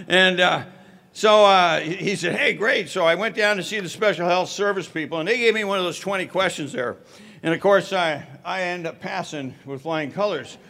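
Bright-voiced man telling his story. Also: sits high, normal speed, gravelly. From Southern California. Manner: conversational storytelling with wry humor and fillers. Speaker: speaker sharing recovery story. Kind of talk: personal recovery talk.

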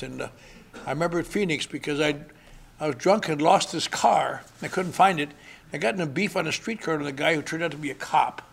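A man's voice: on the high side, fairly quick, gravelly, fairly bright tone, husky. An older man sharing his recovery story with dry, wry humor at a convention. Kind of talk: recovery meeting talk. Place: convention hall.

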